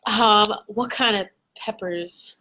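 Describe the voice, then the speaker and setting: A young adult woman who works as a business coach chats with her followers in a bubbly, gushing livestream. Her voice is medium-pitched and sharp in tone, and she speaks slowly.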